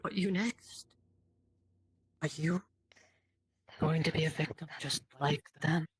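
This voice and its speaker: A man narrating a roleplay in dramatic second person, slow and breathy, building to intense climaxes. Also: fairly high pitch. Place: online voice chat.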